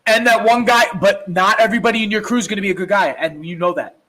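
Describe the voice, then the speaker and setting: Excitable New York podcast co-host, high voice. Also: male voice, quick pace, low-quality recording. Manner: excitable, swearing, restarts often. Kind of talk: casual chat.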